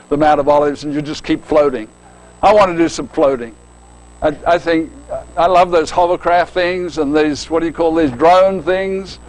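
An older man preaches with a folksy, joking touch, his voice sitting a little high for a man. He keeps asking his listeners to picture things and checks in with a quick question. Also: rough recording. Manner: folksy, joking, often asks "right?". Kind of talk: sermon.

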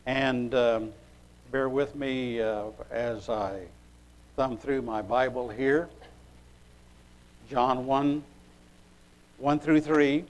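A man preaching a sermon, reading scripture aloud and pausing as he looks up verses. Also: mid-range voice, fairly even intonation, low-quality recording. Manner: unhurried, pausing while looking up verses.

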